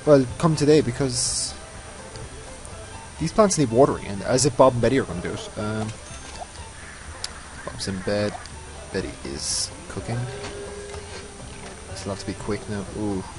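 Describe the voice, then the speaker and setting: A man's voice: fairly low pitch, moderate pace, long pauses, music in the background, rough recording. Rambling man narrating his gameplay. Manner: rambling, self-mocking. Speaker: let's play host. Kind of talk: casual gameplay commentary.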